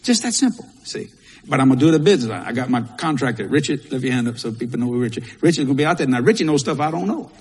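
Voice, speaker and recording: A man's voice: mid-range voice, sing-song, racing, a little mellow, breathy edge. A male pastor, preaching a sermon in a folksy, repetitive way with Southern turns of phrase. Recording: long hall reverb.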